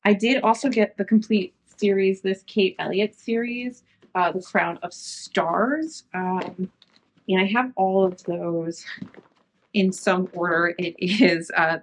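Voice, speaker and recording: A young woman vlogger chatting casually through her book haul, rambling and trailing off with fillers. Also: medium pitch.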